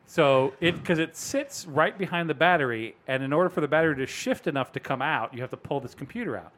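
A man, probably in his thirties, hosting a casual podcast and telling a story with animated delivery, acting out other people's lines. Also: on the high side, fast. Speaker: podcast host. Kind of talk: casual chat.

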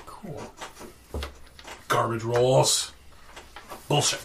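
A man's voice: mid-range voice, recorded from a distance, background noise. Man running a tabletop game casually. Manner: casual, chatty, quick asides and filler sounds. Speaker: game master.

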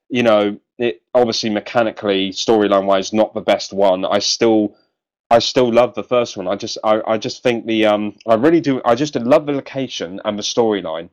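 Man, lowish voice, podcast host, casual chat, lots of ums and false starts. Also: lo-fi sound. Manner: hesitant, many ums and restarts.

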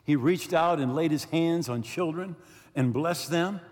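A man's voice: fairly high pitch, measured pace, darkish tone. A male pastor preaching a sermon emphatically, repeating key phrases and checking in with the congregation. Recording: long hall reverb.

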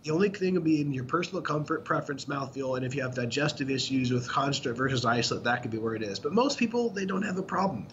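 A man's voice: medium pitch, fast talker, few pauses, a bit bright. A man co-hosting a podcast in casual chat, explaining bluntly with lots of profanity. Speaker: podcast co-host. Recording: dull lo-fi sound with faint noise.

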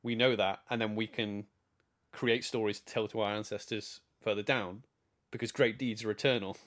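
A man speaking as a proud, earnest orc barbarian in a role-playing game, halting over his words as he goes. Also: lowish voice, fairly even intonation, a bit bright, close to an everyday voice.

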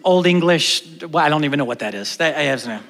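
Male pastor, sermon, fairly high voice, animated loud-to-hushed delivery, long church-hall reverb. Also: quick pace.

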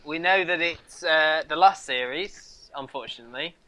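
A man in his thirties co-hosting a casual TV chat podcast, quick with corrections and short interjections. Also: a little high, bright, forceful tone, poor audio. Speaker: podcast co-host.

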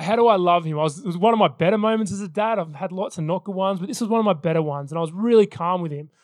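A man's voice: high-pitched, no echo, studio quality. A man in his thirties preaching a sermon as pastor, telling personal stories in an earnest way. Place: church service.

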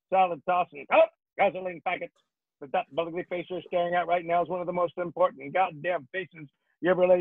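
A man playing a profane male Marine drill instructor, firing off rhythmic shouted insults at recruits. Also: high voice, no room sound, phone-quality sound.

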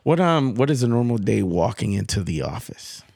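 A man's voice: on the low side, moderate pace, gravelly, husky, no room sound, studio quality. A man from Milwaukee, born in the Bronx, hosting a casual interview and affirming often. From born in the South Bronx, raised in Milwaukee. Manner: relaxed, frequent affirming backchannels. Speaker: host.

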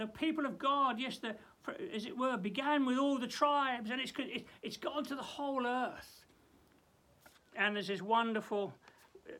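High-voiced pastor, hesitant. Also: male voice. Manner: hesitant, repeats words often, drops to a soft hush. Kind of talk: daily Bible devotional with closing prayer.

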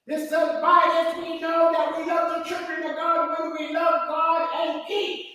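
A man's voice: very high-pitched, completely flat delivery, measured pace, pushed and bright. A man preaching a sermon as pastor, with fervent call-and-response questions and repeated scripture. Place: church sanctuary. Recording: echoey church hall, distant mic.

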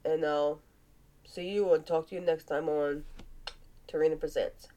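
This casual football picks vlog is hosted by a Cajun-accented woman whose mellow, low voice moves at a measured pace with fairly even intonation. Her congested sinuses make her sound nasal and blocked up, but she stays chatty and playful, even doing animal noises.

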